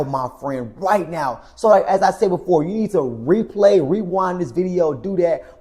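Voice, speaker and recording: A man giving a slow, emphatic motivational talk to camera, preacher-like, often repeating "my friend" and dropping to a hush at phrase ends. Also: fairly high pitch, lively intonation. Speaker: men's coach and channel host.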